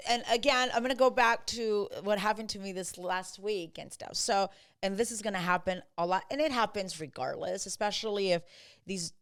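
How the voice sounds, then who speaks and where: A woman real estate agent hosting a casual podcast chat, mixing English with Spanish and acting out clients in quick quotes. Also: mid-range voice, smooth. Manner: switches between English and Spanish; animated, acts out buyers and agents in quotes.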